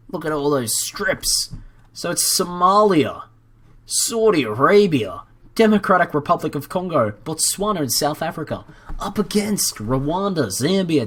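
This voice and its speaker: Man, game commentator, slow unhurried talk, playful, jokey, casual. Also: a little high. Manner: playful, jokey, chatty with excited outbursts. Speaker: gaming commentator.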